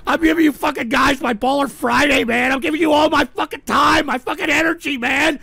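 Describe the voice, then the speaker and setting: A man hosting a live call-in stream, ranting and shouting with profanity, choked up and tearful. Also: very high voice, steady tone, brisk, creaky, dry recording. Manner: shouting, profane, whiny and fed up.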